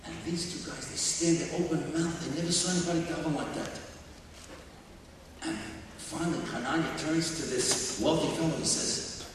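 A man's voice: on the high side, brisk. Man preaching in an echoey hall. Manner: animated, drops to near whisper at emotional points. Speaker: speaker at a religious talk. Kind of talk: storytelling sermon. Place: large hall with audience. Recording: echoey hall from far off, faint noise.

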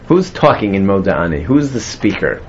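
A man's voice: low voice, big pitch swings, normal speed, highs cut off, slight background noise. A man teaching a classroom Bible lesson, explaining step by step and quizzing his students. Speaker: Torah teacher.

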